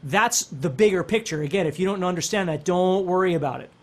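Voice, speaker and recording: Brisk and animated, this guitar instructor's high voice guides a casual lesson step by step. He explains as he goes and keeps checking in with "okay?" and "right?" while guitar plays in the background.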